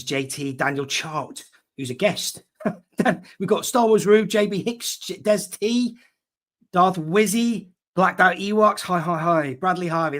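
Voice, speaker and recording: A man's voice: fairly high pitch, a bit bright. A man hosting a live online fan show, chatting casually and reading out viewer names. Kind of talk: casual live-stream chat.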